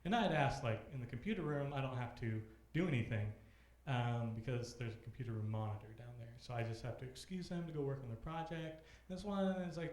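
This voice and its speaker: A man's voice: medium pitch, fast talker, darkish tone. A young man hosting a live comedy show, telling a rambling, self-deprecating story between acts and acting out kids' voices on a handheld mic. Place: comedy club stage, live audience. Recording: roomy club echo.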